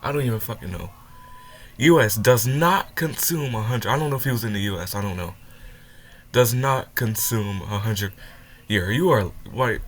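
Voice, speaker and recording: A man's voice: fairly low pitch, normal speed, a little hiss or hum. A young man reacting to a clip, heated and swearing, stumbling over his words and sounding upset after crying. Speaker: reaction video host. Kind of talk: reaction commentary.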